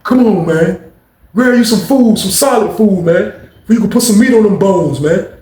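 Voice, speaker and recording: A man voicing a bossy, commanding big male inmate who talks loud and pushy and keeps saying "man". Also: sits high, normal speed, reverberant, voice pushed up, close to an everyday voice. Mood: boisterous.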